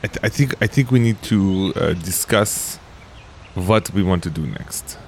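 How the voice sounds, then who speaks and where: A man's voice: sits low, expressive, a little slow, slight background noise. A man playing a tabletop game in casual chat, playful and full of restarts. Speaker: player.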